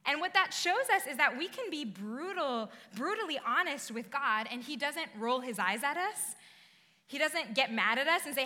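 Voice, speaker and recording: A woman delivers a sermon, chatty and personal one moment and emphatic the next. Her voice sits a little high and rings bright and forceful. It carries a long reverb, as if spoken in a large hall. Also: lively intonation, normal speed. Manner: conversational and emphatic, rising to bursts of intensity. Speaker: pastor.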